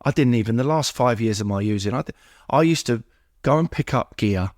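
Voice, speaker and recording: A man's voice: mid-range voice, expressive, brisk, darkish tone, no room sound, clean studio sound. A man talking as a podcast guest in an emotional, heartfelt conversation, earnest and repeating himself in rhythmic runs of words. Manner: earnest, repetitive, lists things in rhythmic runs.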